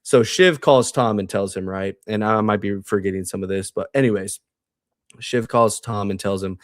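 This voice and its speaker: A man co-hosting a podcast, excitedly recapping a TV show in casual, profane chat. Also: lowish voice, dry recording, clean studio sound. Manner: excited, profane, quotes characters in quick asides. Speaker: podcast co-host.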